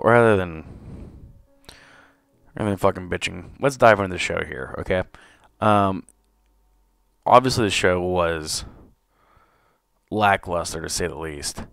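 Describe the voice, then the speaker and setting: A man's voice: low-pitched, vocal fry, no room sound, clean studio sound. A young man hosting a live wrestling review stream, ranting angrily and swearing constantly. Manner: angry profane ranting, frequent cursing. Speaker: wrestling podcast host.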